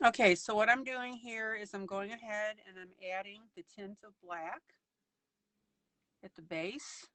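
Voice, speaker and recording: A woman's voice: mid-range voice, measured pace, fairly bright tone, no room sound. A woman hosting a live coloring broadcast, narrating each step of her coloring as she goes.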